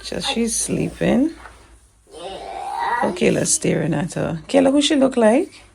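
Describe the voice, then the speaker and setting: A woman's voice: mid-range voice, sing-song, slow pace, creaky, noisy background. A Caribbean woman in her thirties, born in Jamaica and raised in Anguilla, vlogging at home on a handheld phone, teasing her family and laughing often. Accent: Caribbean English. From Caribbean, born in Jamaica, grew up in Anguilla. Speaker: vlogger and mother. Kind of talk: casual family vlog. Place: at home indoors.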